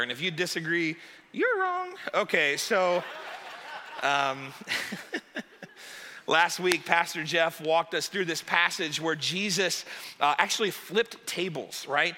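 A man's voice: fairly high pitch, moderate pace, a little hiss or hum. A man who is one of the pastors, giving a casual, joking sermon in a church auditorium. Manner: chatty, joking, animated asides. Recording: long hall reverb.

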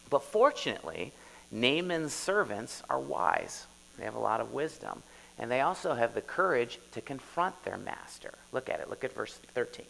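Male pastor, gravelly and bright voice, casual sermon, long hall echo. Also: medium pitch. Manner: conversational, asks the audience questions, often adds "right?".

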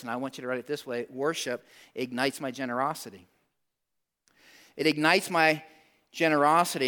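A man preaching a sermon in a conversational style, asking the congregation questions, repeating words and rising to near-shouts for emphasis. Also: mid-range voice. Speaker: pastor.

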